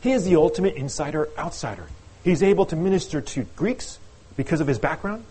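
A middle-aged man preaching a sermon, telling stories with animated, playful asides. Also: a little high, a little fast, slightly rough, poor audio. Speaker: pastor.

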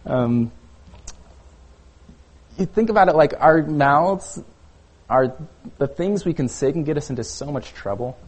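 A young man delivers a casual sermon as a youth pastor, his voice sitting a little high. He talks conversationally, leaning on filler words as he tells personal stories. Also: animated, measured pace, long pauses, slightly rough.

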